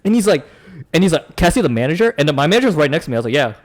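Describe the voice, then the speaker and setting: A young man telling a story on a casual podcast, talking quickly with a slightly high voice. His pitch swings a lot as he acts out the customers and managers. He laughs often while he talks. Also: very animated. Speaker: podcast co-host.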